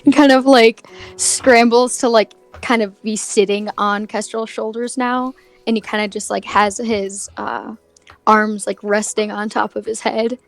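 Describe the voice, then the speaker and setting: A woman's voice: on the high side, level tone, unhurried, soft background music. A woman playing a tabletop game, describing her character's actions in a hesitant way with many fillers and giggles. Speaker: player.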